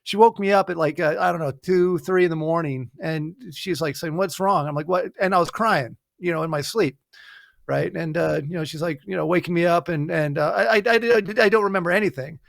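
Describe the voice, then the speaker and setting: A man in casual chat, telling a personal story haltingly with lots of fillers and restarts. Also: on the high side, creaky, no room sound, studio quality. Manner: halting, many fillers and restarts, wry jokes. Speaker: podcast co-host.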